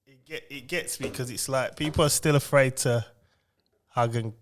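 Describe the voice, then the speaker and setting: A man's voice: medium pitch, moderate pace, slight background noise. A young adult man co-hosting a podcast, teasing his co-host in casual banter and laughing often.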